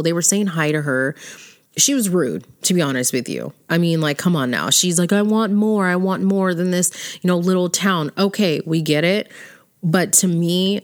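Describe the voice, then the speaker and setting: A woman giving blunt, opinionated commentary in casual chat, swearing freely and laughing often. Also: low voice. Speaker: vlogger ranking characters.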